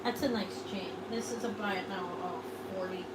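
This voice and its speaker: A woman's voice: mid-range voice, steady tone, moderate pace, very noisy. A woman hosting a live online jewelry sale, chatting loosely and often trailing off mid-sentence. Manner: chatty, rambling, trails off and restarts.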